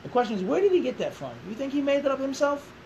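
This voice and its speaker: Philly guy, fairly high voice, lectures in an interview, keeps firing questions at the room, a little hiss behind. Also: fast, poor audio. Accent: Philadelphia. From Philadelphia, USA. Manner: animated, asks the room rhetorical questions and drills points by repeating them. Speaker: interviewed Islamic teacher.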